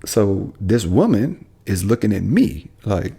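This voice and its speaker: A man's voice: lowish voice, a little slow, creaky, breathy edge. A man, a police officer, telling a story casually on a podcast and acting out what people said. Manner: animated storyteller, acts out quotes.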